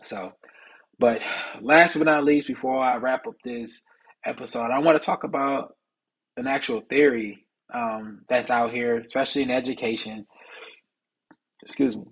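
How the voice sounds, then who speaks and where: A young man hosting a solo podcast, talking casually and preachily about men's mental health in streetwise slang, with a husky voice. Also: mid-range voice, steady tone, normal speed, low-quality recording. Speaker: podcast host.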